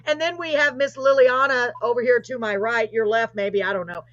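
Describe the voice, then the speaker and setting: A woman hosting a live streamed paranormal talk show over a video call, chatty and gushing, quick to apologize. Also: on the high side, a bit bright, highs cut off. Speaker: host.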